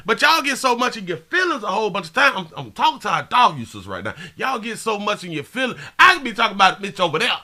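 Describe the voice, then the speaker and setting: A male live-stream host with a high, ringing voice and a piercing brightness. He talks in an excitable, slangy way, reading out viewers' greetings and repeating his catchphrases over and over. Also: brisk. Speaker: livestream show host. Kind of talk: live stream commentary and chat shout-outs.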